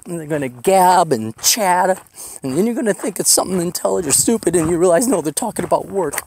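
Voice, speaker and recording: A man's voice: high voice, lively intonation, fast talker, creaky, a little mellow, husky. A man hosting a podcast, rambling casually while hiking outdoors on a desert trail, ranting with profane sarcasm. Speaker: podcast host.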